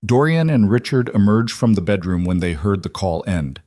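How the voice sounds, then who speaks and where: Low-voiced male story narrator. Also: expressive, moderate pace, dark tone, no echo, studio quality.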